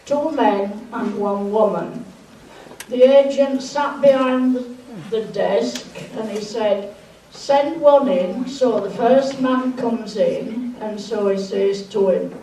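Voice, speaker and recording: Woman telling jokes at a party, slow and unhurried, sounds far off in an echoey room. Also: fairly high pitch, warm tone, a little hiss or hum. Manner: unhurried storyteller, putting on the characters' lines. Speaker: joke teller at a party. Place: large room at a Christmas party. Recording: echoey room, recorded from a distance.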